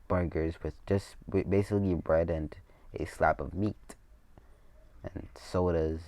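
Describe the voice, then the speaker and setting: A man's voice: low-pitched, a little mellow, no echo. A young man casually retelling a fan story in a rambling way, with many restarts and swearing asides.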